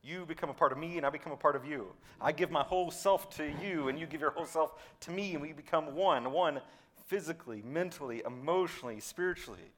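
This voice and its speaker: A male pastor talks fast as he preaches a sermon, swinging between loud, emphatic declarations and quiet, low asides. He repeats words when stressing a point.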